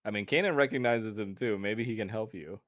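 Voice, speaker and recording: A man's voice: lowish voice, brisk, fairly bright tone, no echo, studio quality. A man running a tabletop game as game master, often laughing and doing many side voices.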